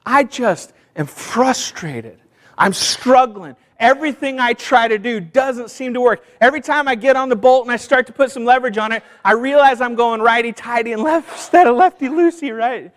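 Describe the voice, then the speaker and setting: A middle-aged man is preaching to a congregation, his voice sitting unusually high for a man. He tells personal stories, acting out the people in them and asking the room for an amen. A long church-hall reverb trails behind every phrase. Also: fairly quick, hardly any pauses. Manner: storytelling, calls out to the congregation; acts out voices in anecdotes. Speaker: pastor. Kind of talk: sermon. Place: church sanctuary.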